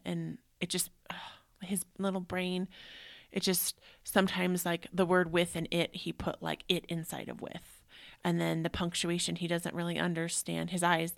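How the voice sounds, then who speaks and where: A woman in her thirties recounting a family story on her podcast. Her voice sits fairly low with a gravelly, fry-laden texture. She talks casually and emotionally, scattering "like" through her sentences. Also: dry recording, studio quality. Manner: conversational, many "like"s, emotional and heartfelt. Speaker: podcast host. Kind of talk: personal storytelling.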